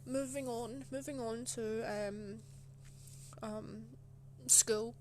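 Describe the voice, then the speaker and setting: A woman's voice: on the high side, steady tone, drawn-out words, darkish tone, a little hiss or hum. A young woman telling a casual personal story, chatty and indignant, full of filler words. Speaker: channel host.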